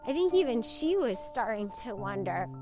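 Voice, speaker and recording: Higher-voiced woman telling her story. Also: very animated, moderate pace. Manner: candid, conversational, with short laughs. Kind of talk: personal storytelling monologue. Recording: slightly muffled with faint music.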